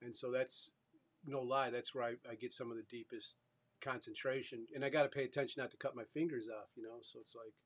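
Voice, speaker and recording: A man hosting a casual live-stream chat, rambling and halting with lots of fillers. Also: medium pitch, steady tone. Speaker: host.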